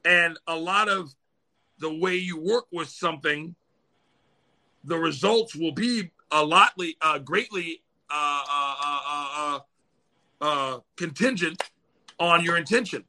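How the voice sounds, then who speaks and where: A man's voice: a little high, slow, sharp tone. A man talking casually on a podcast, swearing freely and acting out little voices in his stories. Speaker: podcast host.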